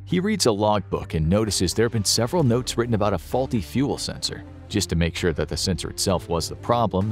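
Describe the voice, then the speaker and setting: Narrator, male, very low voice, steady dramatic delivery, scripted.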